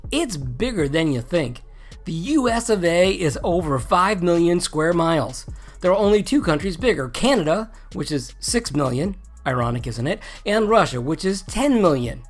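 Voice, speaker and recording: A wry, joking host talks through a casual explainer video. The accent is neutral General American, the New England roots mostly smoothed away. The pitch sits in the middle range, and faint music plays underneath. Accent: neutral General American, native New England accent mostly dropped.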